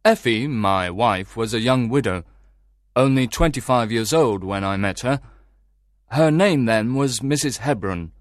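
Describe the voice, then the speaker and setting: A man plays a worried middle-aged merchant in a storybook audio drama, earnest as he asks for help. He speaks at a middle pitch and lays out his account in steady, measured sentences. The recording is close and dry. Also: dry recording, natural voice.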